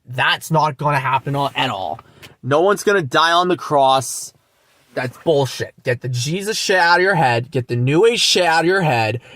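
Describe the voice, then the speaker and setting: A man's voice: on the high side, fairly bright tone, dry recording. A young man hosting his own channel, delivering an angry, mocking, profanity-filled rant full of repeated lines. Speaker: channel host. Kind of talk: ranting monologue vlog.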